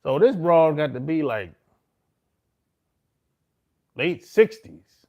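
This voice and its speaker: A man's voice: on the high side, lively intonation, slow pace, long pauses, dull audio. A middle-aged man, telling stories in a casual, boastful and profane monologue full of slang. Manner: profane, slangy street talk with frequent "man" and "bro"; boastful, swaggering. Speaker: host.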